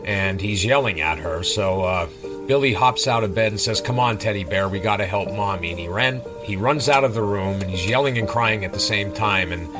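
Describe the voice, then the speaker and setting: Low-voiced man casually retelling a comic. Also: moderate pace, over music, rough recording. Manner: informal, with many fillers. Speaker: comic reviewer retelling a story.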